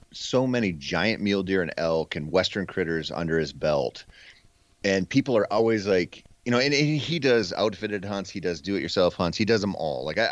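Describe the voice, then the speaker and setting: A man with a very low voice tells relaxed hunting stories, slipping in "man" and "freaking". The sound is dry and a little dull, like a lo-fi podcast mic. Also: dry recording. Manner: easygoing storyteller, says man and freaking. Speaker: podcast guest. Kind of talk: casual hunting talk.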